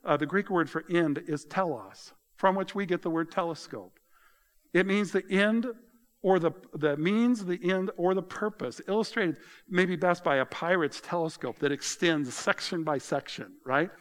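A man preaching a sermon in a conversational way, explaining words and slowing down to drop softly on key phrases. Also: high voice. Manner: conversational, explains word meanings, tells people to underline; slows for emphasis, drops soft on key phrases. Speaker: pastor.

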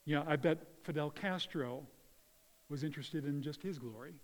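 An earnest male pastor delivering a sermon with a fairly high voice. He drops to hushed, tender tones and then rises to loud emphasis. His words ring with the long reverb of a hall. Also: normal speed.

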